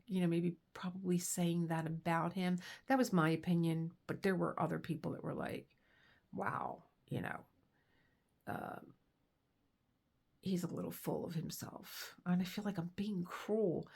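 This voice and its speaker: A woman's voice: fairly low pitch, vocal fry, darkish tone, breathy edge. A woman vlogger in casual chat, rambling and laughing as she reads aloud and tells stories. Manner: rambling, chatty, laughs often. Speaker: crafting vlogger.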